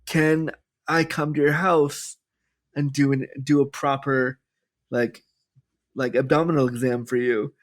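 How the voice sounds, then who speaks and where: A man in his thirties, a podcast guest telling personal stories in a candid, animated way with lots of quoted dialogue. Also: mid-range voice, measured pace, long pauses. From Canada. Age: 30s. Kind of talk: storytelling in a podcast interview.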